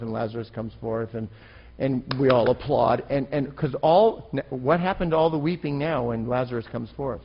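A man's voice: medium pitch, fairly even intonation, a little fast, dull audio. A man preaching an impassioned, emphatic sermon as a pastor.

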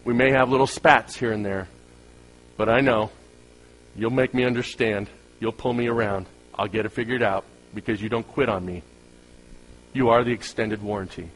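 A man's voice: lowish voice, fairly even intonation, moderate pace, pauses often, a little hiss or hum, low-quality recording. Conversational man preaching a sermon. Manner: conversational preaching with humorous asides and rhetorical questions. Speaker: pastor.

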